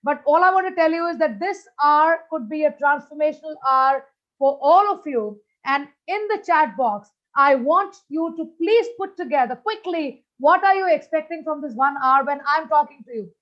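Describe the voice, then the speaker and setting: A high-voiced woman speaker from India delivers a lively keynote, chatty and direct with her listeners. The sound comes through a slightly dull video-call line. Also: normal speed. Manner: energetic, chatty, addresses audience directly. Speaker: motivational speaker.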